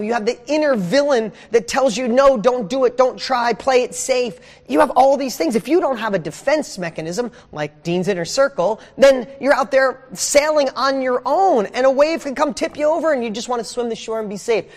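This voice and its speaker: A man leading a motivational session for a members' group, fired up and preachy, throwing out rapid questions and swearing casually. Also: very high-pitched, long reverb tail. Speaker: success coach hosting a members' group. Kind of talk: energetic motivational livestream.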